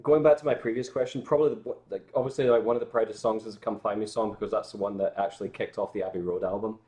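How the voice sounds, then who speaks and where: Fast-talking Scottish man, chatty. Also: on the low side, steady tone, mellow. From Scotland. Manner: rambling, heavy on filler words, quick jokey asides. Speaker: guest musician. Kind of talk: casual livestream chat.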